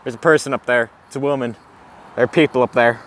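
A man doing a comedic walking vlog outdoors, gasping and swearing in awestruck excitement. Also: medium pitch, quick pace. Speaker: comedic vlogger in character. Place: outdoors, walking around a campus. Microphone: handheld camera.

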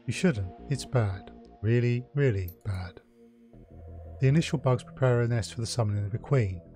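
A man's voice: medium pitch, normal speed, mellow, soft background music, close to an everyday voice. Flamboyant, mocking male elf in a video game, lecturing theatrically, read by a man.

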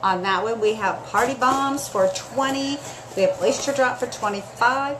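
A woman's voice: on the high side, moderate pace. A woman hosting a chatty live sale stream, gushing and emotional as she talks straight to her viewers, her throat scratchy and dry.

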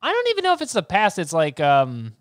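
Excitable jokey man, comedy podcast co-host, slightly high voice, dry close mic. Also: a little fast, no echo. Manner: excitable, jokey, plays soundboard clips. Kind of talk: casual comedic chat.

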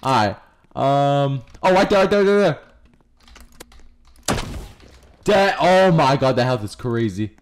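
A man giving casual, profane gameplay commentary as a streamer, excitable and prone to yelling. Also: mid-range voice, a little slow, pauses often. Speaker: gaming streamer. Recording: noisy game audio behind.

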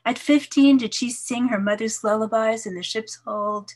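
A New York poet in her seventies reads her poems in a measured, expressive way. Her soft voice drops low on some lines, and she chats casually between the poems.

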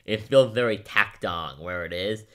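A man with a fairly low voice chats to camera about a film he has watched. He rambles in an unscripted way, says "like" a lot and now and then acts out a quote. It sounds like a home video made sitting in front of the camera. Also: unhurried, fairly bright tone. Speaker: movie review youtuber. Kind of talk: casual spoken movie review to camera.

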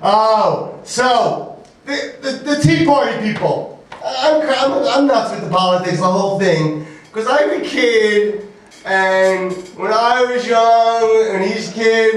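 A high-voiced man working through a stand-up set, rambling and halting with plenty of fillers. The sound is very echoey, with the mic some way off from him in a small club. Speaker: stand-up comic. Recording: echoey room from far off.

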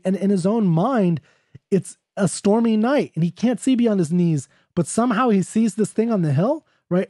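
Excitable man lecturing on poetry. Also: sits high, dry recording, studio quality. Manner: excitable, talky, reads quotes aloud. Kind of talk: off-the-cuff lecture.

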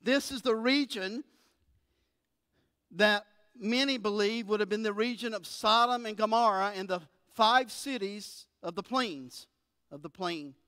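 A woman pastor preaching a sermon and reading scripture with expressive emphasis, in a church sanctuary with a few people present. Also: mid-range voice, measured pace, no room sound, studio quality, in a large hall. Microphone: filmed for an online service.

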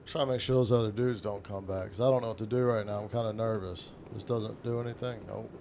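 A man casually commentating on his first playthrough of a game, swearing often and reacting loudly to sudden threats. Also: on the low side, steady tone, quick pace, a little hiss or hum. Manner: profane, jumpy reactions to the game. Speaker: gaming channel host. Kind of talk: let's play commentary.

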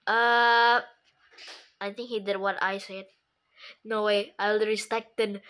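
A woman giving casual, playful commentary over a video game, excitable and making her own sound effects. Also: medium pitch, takes it slowly, pauses often, clean tone. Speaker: gameplay commentator.

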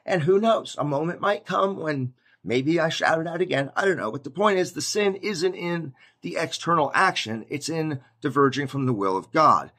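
A man giving a casual, conversational sermon to his viewers, animated and prone to acting out scenes. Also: a little high, normal speed, few pauses. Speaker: preacher.

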